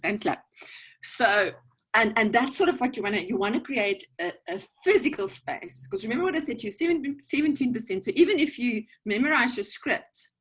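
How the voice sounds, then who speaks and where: A woman's voice: fairly high pitch, normal speed, breathy edge, low-quality recording. A woman with a South African English accent giving a casual, joking coaching talk at a virtual networking event, checking in often with "okay?" and "right?". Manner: lively, joking, direct with frequent "okay?" and "right?". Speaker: guest speaker at a networking event. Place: virtual event, video call. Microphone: video call.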